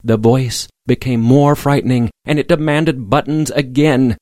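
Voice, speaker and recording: Measured man reading a storybook. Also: medium pitch, a little mellow, no echo, studio quality. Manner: plain, measured, simple reading. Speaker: narrator. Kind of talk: scripted audiobook narration.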